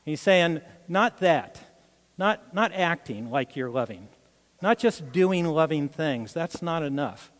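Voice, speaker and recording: Older male pastor, slightly high voice, earnest storytelling sermon, lingering hall reverb. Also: expressive, takes it slowly. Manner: earnest, personal storytelling with frequent restarts.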